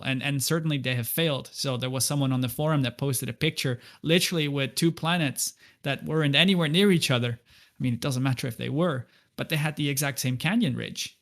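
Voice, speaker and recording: Man, a podcast guest talking in relaxed chat at a middling pitch. He speaks earnestly and keeps restarting his sentences, with small stumbles and repeated words. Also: fairly quick.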